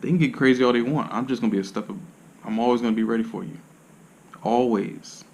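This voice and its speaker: A man who works as a massage therapist, rambling to camera in casual monologue with blunt, profane slang and sudden jumps in loudness. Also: mid-range voice, fairly even intonation, fast talker, a little hiss or hum.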